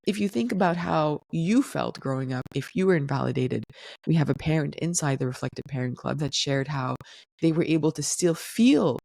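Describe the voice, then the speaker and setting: A woman hosting a solo podcast, explaining things in a calm, teaching tone. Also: low-pitched, moderate pace, vocal fry, no echo, studio quality. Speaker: podcast host.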